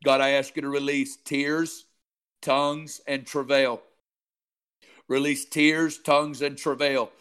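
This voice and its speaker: A man leads a group in charismatic prayer, his voice fervent and insistent. Surges of loud exclamation give way to low, murmured tongues, all on a fairly level, unvaried pitch. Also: flat delivery, takes it slowly, clean tone. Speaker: prayer leader.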